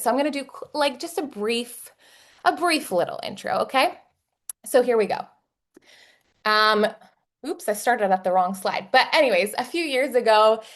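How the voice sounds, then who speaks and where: A chatty, upbeat woman with a Texan lilt, hosting an online webinar at a middling pitch. She talks over a video call in a bubbly, filler-filled way. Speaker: webinar host.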